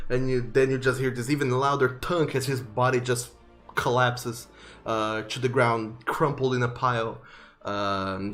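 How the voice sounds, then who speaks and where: A man's voice: medium pitch, fairly bright tone. Young man narrating a tabletop game. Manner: vivid, halting descriptions with many fillers. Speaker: game master.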